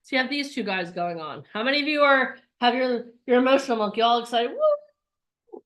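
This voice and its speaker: A woman in her forties, a coach giving a lively live online workshop and acting out voices. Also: a little high, fast talker. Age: 40s.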